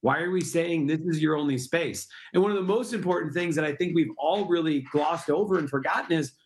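A middle-aged man answering interview questions at length, earnest and persuasive. His voice sits a touch high for a man, and he builds his points with steady conviction. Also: fairly quick. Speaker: guest, park project founder.

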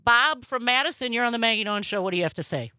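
Woman talk radio host, emphatic and opinionated, bright edge, slightly high voice. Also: rapid-fire, no echo.

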